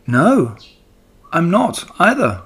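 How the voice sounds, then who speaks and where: A man's voice: on the high side, huge pitch swings, slow, a bit bright, slightly rough, pitched above the performer's own voice, heavily acted. A man doing a wise, patient female spider. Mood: matter-of-fact.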